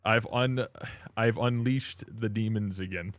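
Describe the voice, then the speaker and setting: Casual live-stream talk from a Canadian guy whose voice is fairly low and paced with care, recorded with no room sound at all. Cursing comes easily to him, laughter comes often, and "dude" and "brother" pop up constantly.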